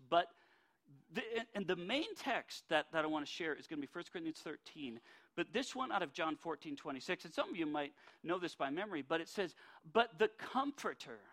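Folksy male preacher, high bright voice, lively sermon delivery. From North Dakota. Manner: folksy, animated, with many restarts.

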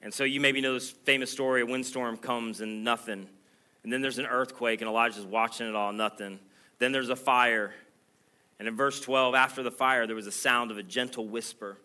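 A man preaching a sermon with a bright, forceful tone. His delivery is earnest and emphatic, often rising in pitch and volume as he drives home a point. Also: steady tone, moderate pace, clean tone. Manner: earnest, emphatic preaching that swells louder and higher. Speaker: pastor.

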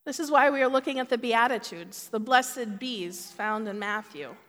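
Woman, sermon, measured and earnest, slightly high voice, long hall reverb. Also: fairly bright tone. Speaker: preacher.

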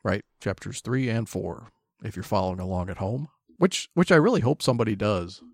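A man's voice: fairly low pitch, expressive, a little fast, creaky, dry recording. A young adult man co-hosting a podcast in casual chat, with dry, teasing humor. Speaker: podcast co-host.

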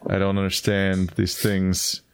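Wry co-host with a lower voice, casual joker. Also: male voice, completely flat delivery, a little slow, clean tone. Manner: joking, dry asides. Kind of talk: casual chat.

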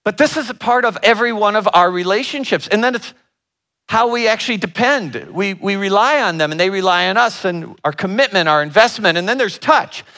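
Brief: relationship educator, animated storyteller, high and bright tone. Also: male voice, brisk. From Northern Ohio. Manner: animated storyteller with asides to the audience. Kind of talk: storytelling talk.

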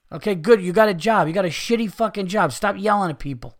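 A man with a high voice hosts his podcast in a heated, profane rant. He talks with frustration and swears freely throughout. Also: quick pace. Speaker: podcast host. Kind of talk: ranting podcast monologue.

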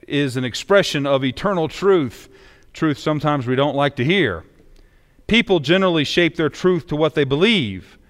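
A man's voice: fairly high pitch, fairly bright tone, long reverb tail. A man pastor reading scripture and then preaching a sermon in a conversational, emphatic way.

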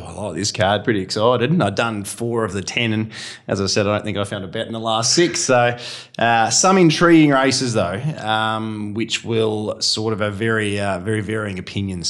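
Chatty low-voiced Australian racing guy. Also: a bit bright. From Western Australia. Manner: chatty, laughs easily, rambling asides. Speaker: racing tipster, co-host. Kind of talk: casual podcast banter.

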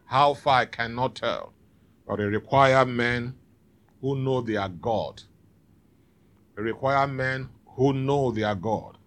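A man's voice: mid-range voice, takes it slowly, pauses often, fairly bright tone. A man preaching a sermon in church, calling out to the congregation for responses. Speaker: pastor.

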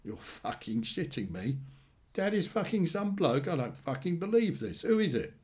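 A man's voice: mid-range voice, big pitch swings, normal speed, a little mellow, voice pushed up, natural voice. A man voicing an angry young man in his twenties who swears bluntly and bitterly about his father.

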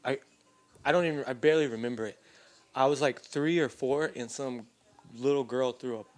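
A man's voice: mid-range voice, fairly quick, faint music behind. A young man co-hosting a podcast, telling rambling stories in casual chat, with lots of fillers and swearing. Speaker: podcast co-host.

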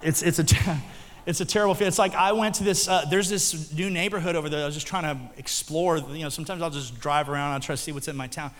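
A man's voice: fairly high pitch, quick pace. A middle-aged man preaching a sermon as a pastor, telling jokey stories and bantering with the congregation. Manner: animated, joking storytelling with the congregation. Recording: long hall reverb, faint music.

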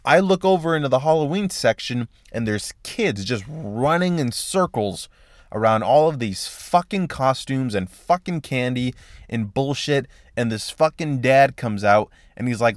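A man's voice: mid-range voice, lively intonation, a little slow, no echo, studio quality. A man hosting a solo podcast, telling a long, rambling story about his day with lots of swearing and exasperation. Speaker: podcast host. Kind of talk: casual solo podcast rant.

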